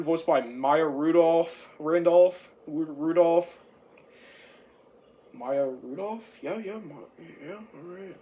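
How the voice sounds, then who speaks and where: Dude rambling thru a movie review real slow, lots of uh and restarts. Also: male voice, a little high, a little mellow. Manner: halting, repeats words, frequent fillers and restarts.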